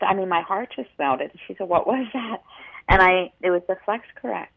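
Low-voiced woman on a tinny line. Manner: animated storyteller, many restarts. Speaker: radio show co-host. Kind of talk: casual radio chat, storytelling. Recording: tinny phone-line sound.

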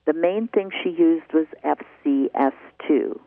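A woman's voice: sits low, unhurried. An older woman hosting a call-in herbal health radio show, telling her story earnestly and repeating words for emphasis. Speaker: herbal shop owner and radio show host. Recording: tinny phone-like radio line.

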